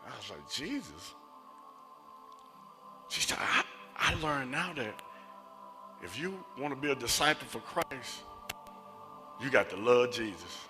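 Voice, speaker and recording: A man preaching a sermon and telling personal stories, moving between loud emphatic passages and hushed near-whispers. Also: medium pitch, big pitch swings, unhurried, pauses often, soft background music. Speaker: associate minister. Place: church sanctuary.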